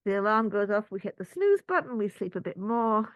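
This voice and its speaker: A female spiritual teacher gives a talk to a group, telling stories with lively acted-out little asides. Her medium-pitched voice moves a little fast, and the recording is muffled with no room sound.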